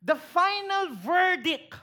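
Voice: very high voice, sing-song, slow, sharp tone. A pastor preaching a sermon in church, making emphatic points and putting rhetorical questions to the congregation.

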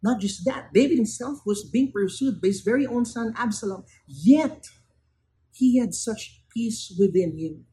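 A man preaching a sermon, building to emphatic raised peaks and then dropping low and quiet. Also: unhurried, poor audio.

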